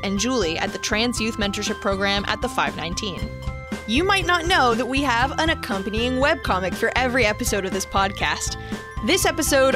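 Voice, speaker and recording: Upbeat woman hosting, music underneath. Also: fairly high pitch. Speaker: podcast co-host. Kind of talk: casual podcast chat and outro.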